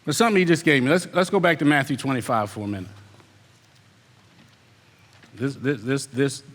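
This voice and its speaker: A man's voice: a little high, fairly bright tone, in a large hall. A man preaching a sermon as an elder, emphatic and repetitive, firing rhetorical questions at the congregation. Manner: mimics lazy excuses in put-on voices.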